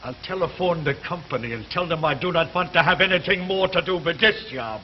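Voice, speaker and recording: A man's voice: on the high side, brisk, slight background noise, natural voice. A man playing a proud immigrant foreman. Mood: indignant. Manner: formal, stiff. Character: proud older immigrant carpenter foreman, stiff formal speech. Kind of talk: 1940s radio acting. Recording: dull old radio recording.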